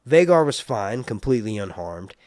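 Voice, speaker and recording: Lively, rambling male live-streamer. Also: lowish voice, normal speed, dry recording, clean studio sound. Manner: rambling, joking, teasing chat viewers. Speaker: live stream host reviewing a TV series. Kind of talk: casual live-stream chat, reading viewer comments.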